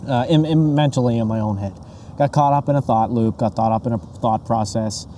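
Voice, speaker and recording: Earnest reflective man, dark warm voice. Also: medium pitch, a little fast, a little hiss or hum. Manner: earnest, reflective, repeats himself as he thinks. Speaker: podcast co-host. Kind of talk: candid mental health podcast talk.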